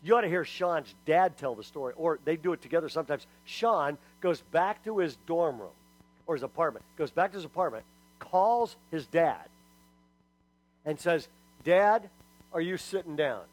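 A middle-aged male pastor preaches a sermon in a lively storytelling style, his voice a bit high for a man and at normal speed. He acts out quotes and throws asides to the congregation, over faint background music and poor audio.

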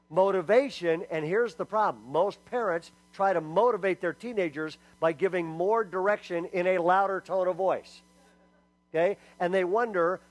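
A middle-aged man giving a lively sermon-style talk to parents. He is emphatic and humorous, and keeps asking the audience "okay?" after each point. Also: high voice, rough recording. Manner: humorous storyteller. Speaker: speaker at a church parenting talk.

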